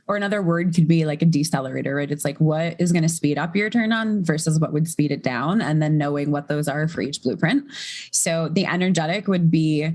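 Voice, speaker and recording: Woman coach, low voice, loose conversational podcast guest. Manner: relaxed, flowing, filler-heavy explanations. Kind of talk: casual podcast interview.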